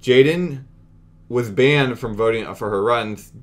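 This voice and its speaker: A man's voice: mid-range voice, takes it slowly. A young man talking casually in a commentary video, brash, mocking and indignant as he addresses viewers. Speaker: youtube commentator.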